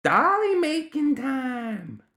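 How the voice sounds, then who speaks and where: Shrill, stubborn gremlin infant for a storybook, high and drawn out. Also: very animated, bright, forceful tone, echoey room, full character voice. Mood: chanting. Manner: shrill, chanting, slow and insistent.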